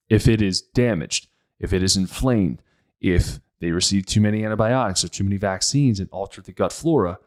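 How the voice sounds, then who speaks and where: A man's voice: on the low side, a little mellow. A man hosting a podcast, speaking in a blunt, emphatic casual monologue and often repeating his points. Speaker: podcast host.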